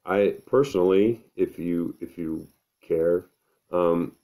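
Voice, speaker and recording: A middle-aged man, talking to camera at home in an unhurried, earnest, thinking-aloud way. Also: deep voice, dark tone. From American Midwest. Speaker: vlogger. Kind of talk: casual to-camera monologue.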